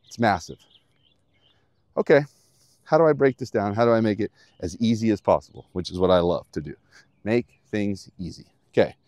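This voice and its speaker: A man with a fairly low voice walks the viewer through a golf lesson out on the course. He is upbeat and plain-spoken, keeping things simple. The sound is close and dry, with little room in it. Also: a little mellow, no echo. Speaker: golf instructor.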